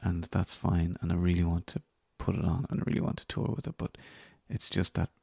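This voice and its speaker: An Irish podcast host with a very low, gravelly voice and a dark tone. He rambles and jokes about himself, and his words sometimes drop to a husky near-whisper. The recording is dry and close. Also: monotone, fairly quick, no echo. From Ireland. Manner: rambling, self-deprecating, trailing into whispers. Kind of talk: casual solo podcast sign-off.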